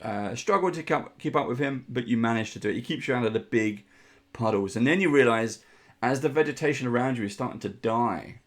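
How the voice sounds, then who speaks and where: A man narrating a tabletop game as game master, descriptive and unhurried with frequent ums. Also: medium pitch.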